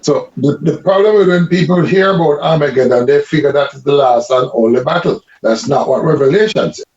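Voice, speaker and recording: A man's voice: on the high side, a little fast, a little mellow, dull audio. A man in a group Bible study, thoughtfully explaining at length how he reads a verse. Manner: reflective, explains his reading at length. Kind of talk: casual group discussion.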